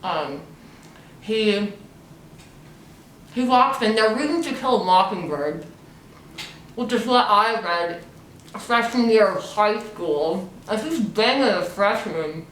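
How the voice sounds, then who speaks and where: Young woman, mouth full of marshmallows, slow unhurried delivery, blunt and swearing, recorded in an echoey room. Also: medium pitch, expressive, fairly bright tone, slight background noise. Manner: blunt, swears freely, rambling. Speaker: host. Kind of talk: casual episode recap. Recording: echoey room, distant mic.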